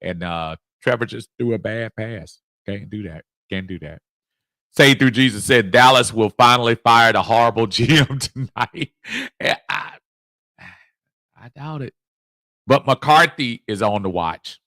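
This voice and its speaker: A middle-aged man hosting a fan livestream has a bright, forceful, fairly low voice at a moderate pace. Chuckling and lively, he reads viewer comments and gives shout-outs in casual sports chat. The sound is close and dry with no echo.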